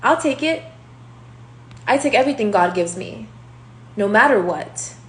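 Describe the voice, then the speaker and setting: A woman's voice: mid-range voice, expressive, unhurried, a bit bright. A brash young woman reading tarot cards in a loose, rambling rant, swearing and calling people out as she goes. She is recorded in a roomy, echoey space with a faint hum underneath. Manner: profane and confrontational, rambling. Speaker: tarot reader.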